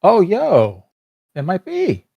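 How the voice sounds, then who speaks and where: A man's voice: sits high, wildly swooping pitch, takes it slowly, vocal fry, a little mellow, no echo. A man co-hosting a casual reaction chat, blunt and wry in a laid-back way. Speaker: co-host reacting to a trailer.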